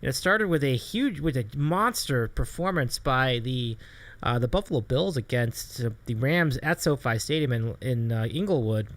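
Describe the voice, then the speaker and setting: A man's voice: mid-range voice, moderate pace, no echo. A man hosting a sports podcast, animatedly moving the talk on to the next segment. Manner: animated, segment-introducing host. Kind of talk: casual sports chat.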